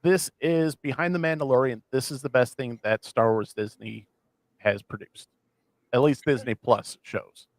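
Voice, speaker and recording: A man co-hosting a casual podcast, rambling with many restarts as he excitedly retells scenes. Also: medium pitch, moderate pace, dry recording. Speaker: podcast co-host. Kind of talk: casual chat.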